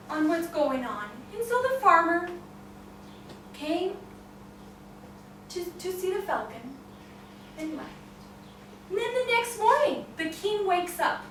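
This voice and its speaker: Woman storyteller, slow and expressive, super echoey room, faint hum behind. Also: very high voice, far from the mic.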